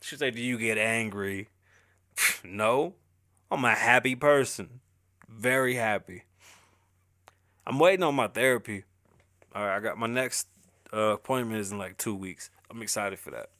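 A man's voice: fairly low pitch, normal speed, pauses often. A man hosting his own show alone, talking casually in street slang with lots of swearing and frequent laughter. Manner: profane, animated street slang, laughs often. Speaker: podcast host. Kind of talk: solo casual monologue.

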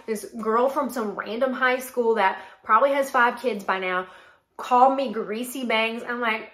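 A woman in her late twenties from North Carolina, hosting a podcast and telling a story in a chatty, animated way full of "like". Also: on the high side, brisk, reverberant. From North Carolina, USA. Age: late 20s. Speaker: podcast host and model. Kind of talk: casual solo chat.

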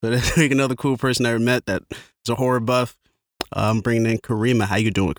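A man's voice: medium pitch, flat delivery, fast, no echo. A man co-hosting a podcast, joking around and swearing freely in casual chat. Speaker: podcast co-host.

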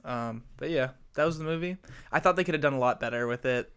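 A man's voice: medium pitch, quick pace, fairly bright tone, clean tone. A young man in casual podcast chat, swearing a lot and laughing often.

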